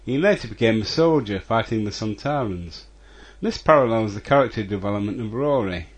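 Male listener reading prepared feedback notes, animated pitch, husky voice. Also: brisk. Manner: reads notes in a list-like way. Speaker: listener sending audio feedback. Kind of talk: read-out audio message.

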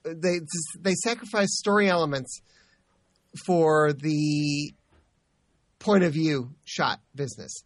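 A man co-hosting a podcast speaks in a fairly high voice, picked up dry and close to the mic. He stumbles and repeats words as he tries to make his point. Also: dry recording. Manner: halting, stammers and repeats words. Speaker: podcast co-host. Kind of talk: casual chat.

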